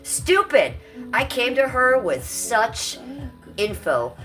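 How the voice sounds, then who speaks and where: A woman's voice: mid-range voice, lively intonation, moderate pace, fairly bright tone, faint music behind. A woman in her fifties hosting a casual livestream, brash, profane and rambling as she reads out chat comments. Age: 50s. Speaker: livestream host.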